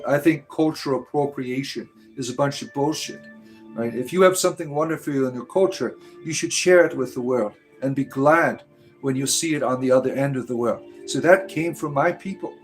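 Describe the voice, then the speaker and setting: A man's voice: mid-range voice, moderate pace, faint music behind. A man from the United States hosting a casual livestream, reading chat aloud and rambling with frequent "right?" tags.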